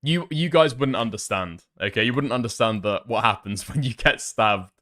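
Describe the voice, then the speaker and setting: A man's voice: medium pitch, animated, normal speed, fairly bright tone. A man reacting to video clips in a sarcastic, mocking way, laughing often and swearing heavily. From United Kingdom. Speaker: commentary streamer. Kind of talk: casual reaction commentary.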